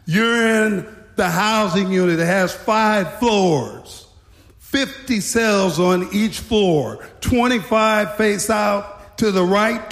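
A man's voice: high voice, pitched above the performer's own voice. A man voicing a sarcastic, condescending veteran male prison guard who bosses around a rookie. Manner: sarcastic, bossy. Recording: echoey hall.

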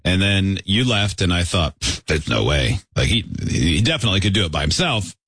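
A man's voice: deep voice, brisk, slightly rough, no room sound, clean studio sound. A man hosting a radio show, casually steering the banter and teasing his co-hosts. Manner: lively, teasing, steers the segment. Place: radio studio.

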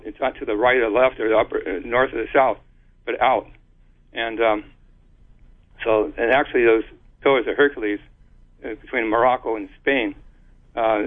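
A man explaining a theory as an interview guest, speaking haltingly with many restarts and spelled-out words. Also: medium pitch. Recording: tinny phone line.

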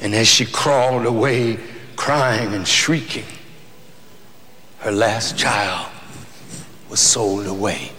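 A man giving an impassioned speech to an audience, preaching with slow, deliberate emphasis and rising to shouts. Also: fairly low pitch. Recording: echoey hall with faint noise.

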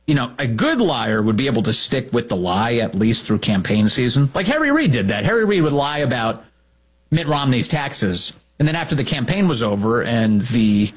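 A man's voice: mid-range voice, sing-song, normal speed, slightly rough. A man hosting opinionated political commentary, sarcastic, indignant and emphatic in his delivery.

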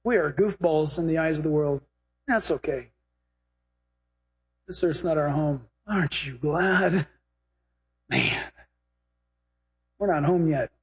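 A male pastor preaching a sermon, animated and humorous, slipping into acted quotes. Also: on the high side, takes it slowly, long pauses, slightly rough. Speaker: pastor and Bible teacher.

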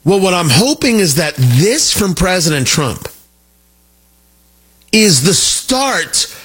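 A middle-aged man hosting a talk radio show, animated and jokey, wandering off on tangents. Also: sits high, slow pace, breathy edge. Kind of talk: opinionated talk radio monologue.

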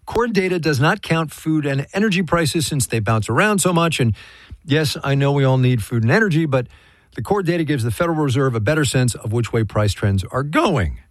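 A man's voice: a little high, dry recording. A man hosting a radio news program, presenting in a wry, conversational way with playful emphasis. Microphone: studio mic.

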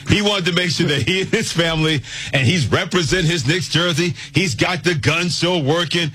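A man's voice: on the high side, brisk, pushed and bright, breathy edge, soft background music. A man hosting a sports talk radio show, speaking emphatically and teasing his co-hosts.

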